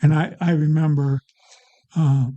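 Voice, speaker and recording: Mellow man recalling school days haltingly. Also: on the high side, flat delivery, highs cut off. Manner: hesitant, repeats words while recalling. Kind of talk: casual reminiscing chat.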